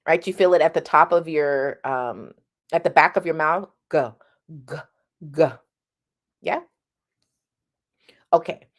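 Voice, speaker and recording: A woman's voice sits low and moves at a measured pace with frequent pauses. She's a middle-aged singing teacher giving an easygoing lesson, demonstrating sounds partway through sentences and regularly checking in with "right?"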